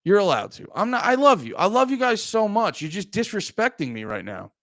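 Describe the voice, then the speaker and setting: High-voiced with big pitch swings, a man talks a little fast in a fairly bright tone, heard in clean studio sound with no room noise. He's a comedian from Pennsylvania casually addressing his livestream chat, profane, heated, and rambling.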